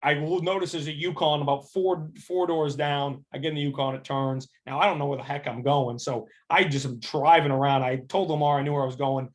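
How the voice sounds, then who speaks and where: An animated man in his thirties tells coaching stories as a guest in a relaxed interview. His voice sits a little high, and he keeps restarting sentences and acting out the people he quotes. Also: brisk, few pauses. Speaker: assistant basketball coach, guest. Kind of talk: casual storytelling interview.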